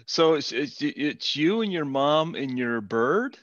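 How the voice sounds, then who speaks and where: A man's voice: on the high side, animated, takes it slowly, a bit bright, no room sound, dull audio. A man hosting a casual interview on a video call, asking short questions and laughing often. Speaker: podcast host.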